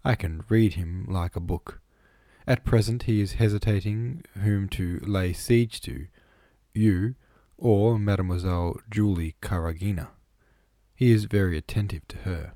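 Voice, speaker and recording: A man's voice: deep voice, unhurried, mellow, dry recording, studio quality. A man voicing a kindly, good-humoured young count in an audiobook, amused and conversational. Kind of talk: audiobook reading.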